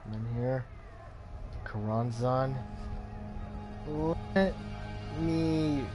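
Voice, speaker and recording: A man hosting a let's play, reading the game's narration and chatting casually with apologetic asides. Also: medium pitch. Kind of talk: reading a game aloud with casual commentary. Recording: game music underneath.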